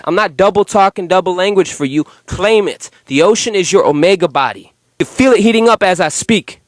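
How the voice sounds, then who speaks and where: A young man giving an intense, profane spiritual monologue to his viewers, swinging between fast ranting and slow, emphatic lines. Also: high-pitched, dry recording. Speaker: spiritual content creator.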